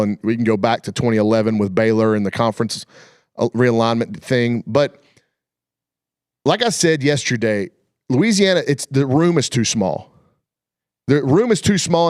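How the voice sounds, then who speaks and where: A man's voice: mid-range voice, dry recording, clean studio sound. A man hosting a sports talk show, chatting casually in a folksy, colloquial storytelling way. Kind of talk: casual chat.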